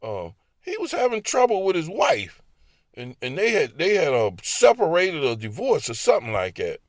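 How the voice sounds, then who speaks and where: A man's voice: a little high, wildly swooping pitch, moderate pace, dry recording, clean studio sound. A man with a Baltimore accent telling casual personal stories to the listener, laughing often as he acts out the voices in his head. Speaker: speaker sharing personal stories. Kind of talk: casual storytelling monologue.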